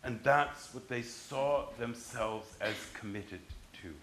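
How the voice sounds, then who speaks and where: A man's voice: mid-range voice, slow pace, fairly bright tone, reverberant, a little hiss or hum, low-quality recording. A man giving a university history lecture, emphatic and restarting his sentences as he explains.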